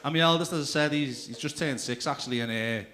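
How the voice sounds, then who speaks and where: A man's voice: mid-range voice, fast, pushed and bright. A man doing a stand-up comedy routine, telling crude stories and throwing asides to the crowd. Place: comedy club stage.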